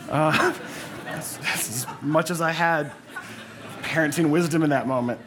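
A man's voice: a little high, moderate pace, a bit bright, slight background noise. Man preaching a story-driven sermon. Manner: conversational storytelling with repetition. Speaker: pastor.

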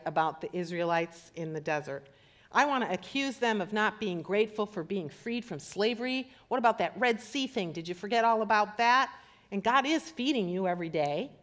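Middle-aged woman pastor, lively sermon delivery, playful asides. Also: mid-range voice. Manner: animated, acts out scripture voices. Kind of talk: sermon with scripture reading.

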